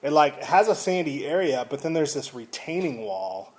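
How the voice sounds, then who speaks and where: Texan man, a bit higher-pitched, animated casual vlogger telling a story. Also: moderate pace. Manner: rambling, animated, restarts.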